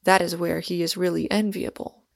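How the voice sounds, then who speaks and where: A woman's voice: on the low side, moderate pace, gravelly, dry recording, studio quality. A woman reading the part of a bald, talkative older male professor with a gloomy, philosophical manner. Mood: calm, gloomy. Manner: calm philosophizing, turning to frantic shouts.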